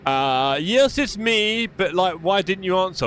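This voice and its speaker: A man's voice: sits high, lively intonation, a little slow, few pauses, a bit bright, slight background noise. A man chatting casually while sim racing on a live stream, reading out chat. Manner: chatty, reads chat aloud while driving. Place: home sim racing rig.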